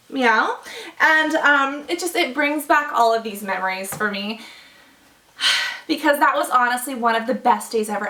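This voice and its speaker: Young woman, chatty vlog, high bright voice, echoey room a bit off the mic. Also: far from the mic. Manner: gushing, chatty, full of likes and oh-my-gods. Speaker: vlogger. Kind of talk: casual chat.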